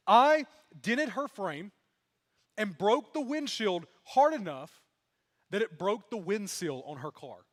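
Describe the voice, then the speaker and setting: A man's voice: high-pitched, sing-song, moderate pace. A young male pastor from Mississippi giving a sermon, telling a self-deprecating story with humor. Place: church sanctuary. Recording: long hall reverb.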